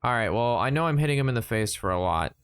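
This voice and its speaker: A man's voice: mid-range voice, animated, fast talker, fairly bright tone, clean tone, dry recording. A young man streaming a card game, chatting casually with playful jokes and mock sportscaster asides. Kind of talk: casual gameplay commentary.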